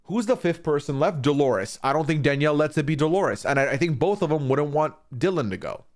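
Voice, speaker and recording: A man's voice: fairly high pitch, fairly quick. A man streaming a casual, opinionated recap of a reality show, swearing freely and acting out what people said. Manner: animated, swearing, acting out quoted lines.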